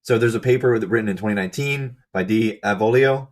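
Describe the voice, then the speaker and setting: A man with a fairly low, hoarse voice that sounds like it is fading, talking through a research paper slide by slide. He reads out lists and figures in a steady, methodical way, with the odd quick aside. It has the feel of a channel host explaining a study to his viewers. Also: noisy background.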